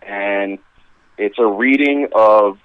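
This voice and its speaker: A man's voice: fairly low pitch, smooth, no room sound. A man calling in to a show, chatting casually and rambling with lots of fillers and restarts. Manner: rambling, halting with many fillers. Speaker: caller. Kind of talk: casual chat. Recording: dull lo-fi phone line.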